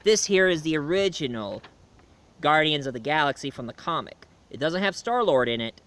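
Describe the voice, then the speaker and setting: A man's voice: a little high, lively intonation, moderate pace, a bit bright, clean tone. A man giving a casual film and comic review, rambling along with many fillers and restarts.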